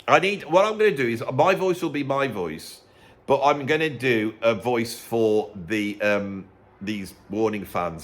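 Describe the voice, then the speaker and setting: A man's voice: mid-range voice, animated, moderate pace. A middle-aged man with a Birmingham accent, talking straight to camera in a chatty, sarcastic vlog. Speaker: musician and YouTuber.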